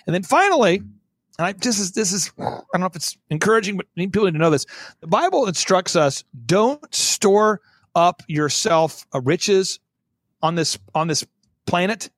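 A man with a notably high voice talks bluntly and with great energy as an interview guest. He often slips into other people's voices to act out their lines. The sound is dry and close, with no room echo. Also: moderate pace. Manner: blunt, animated, acts out quotes in voices. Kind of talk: fast-talking interview.

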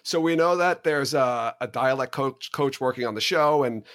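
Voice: mid-range voice, moderate pace, a bit bright. Eager, chatty podcast host. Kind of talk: casual interview chat.

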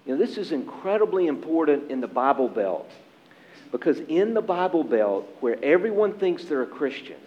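A man preaching a sermon as pastor, earnest and emphatic, with dramatic pauses. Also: fairly high pitch, lo-fi sound.

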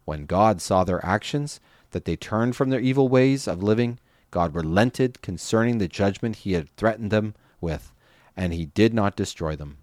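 A man reading scripture aloud in a measured, steady way. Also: lowish voice, no room sound, studio quality. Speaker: scripture reader.

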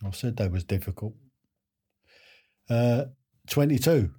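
Slow, husky quiz host. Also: male voice, mid-range voice, animated, mellow. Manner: chatty, chuckling, self-deprecating. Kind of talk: casual live-stream quiz hosting.

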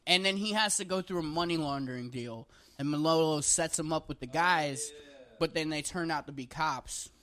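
A man's voice: on the high side, moderate pace, a bit bright. A young man in casual chat, rambling through a story with many fillers.

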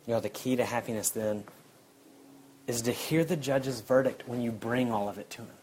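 A man, preaching a sermon in a conversational way that drops to a quiet intensity. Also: medium pitch, moderate pace, a little hiss or hum, rough recording. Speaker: pastor.

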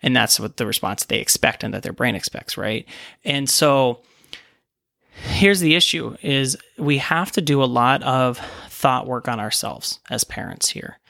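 Gravelly-voiced man talking parenting. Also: medium pitch, a little slow, bright, forceful tone, no room sound, clean studio sound. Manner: conversational, frequent "right?" tags, acts out inner voices. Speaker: pediatrician and parenting podcast host. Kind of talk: casual solo talk.

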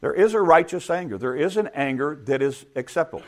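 A man's voice: a little high, animated, fast talker. A middle-aged man preaching a sermon in a conversational way, asking his listeners rhetorical questions. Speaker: pastor.

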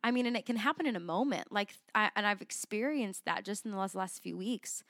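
A woman co-hosts a faith podcast, thinking out loud in long, earnest runs full of fillers and restarts. Her voice sits at a middle pitch. It is recorded close and dry, with no room sound. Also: a little fast, no room sound. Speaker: podcast co-host. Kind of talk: casual faith podcast chat.

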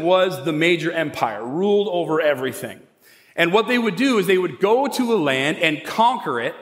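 A man preaching a sermon as pastor, retelling a story in a casual, conversational way with quick asides. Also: sits high, fairly bright tone. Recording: echoey hall with long reverb.

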